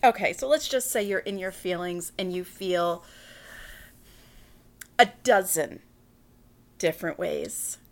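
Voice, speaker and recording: A woman hosting a podcast in a casual monologue, brash and profane, talking quickly and joking with frequent laughs. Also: on the low side, animated, creaky. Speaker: podcast host.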